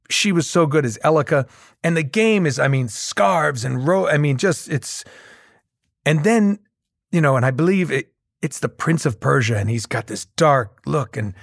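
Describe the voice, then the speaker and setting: A middle-aged man, a guest voice actor, telling animated stories in casual interview chat with many restarts. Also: a little high, vocal fry, dry recording, studio quality.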